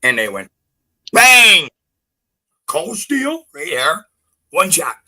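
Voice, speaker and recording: A Canadian man, a guest on a podcast, tells a gritty story in casual conversation, blunt and swearing constantly. His voice sits on the high side and moves a little slowly, and the recording quality is poor. He retells it with animated, profane energy.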